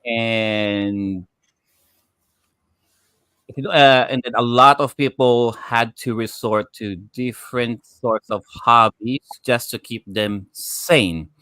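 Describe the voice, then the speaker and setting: A man's voice: mid-range voice, slow, pushed and bright, smooth, dry recording, clean studio sound. A man hosting a panel show who talks hesitantly and fills his sentences with many filler sounds. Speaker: host. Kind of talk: casual panel chat.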